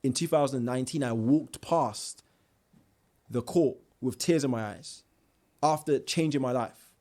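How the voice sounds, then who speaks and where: A young man with a mid-range voice and measured pace tells his own life story as a guest in a casual interview. He's animated, using slang and restarting sentences.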